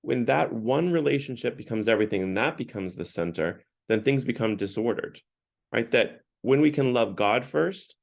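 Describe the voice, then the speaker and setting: A man's voice: mid-range voice, lively intonation, moderate pace, creaky. A man leading a parish Lent book talk, retelling scenes in a conversational way with frequent restarts. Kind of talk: casual retelling and teaching talk.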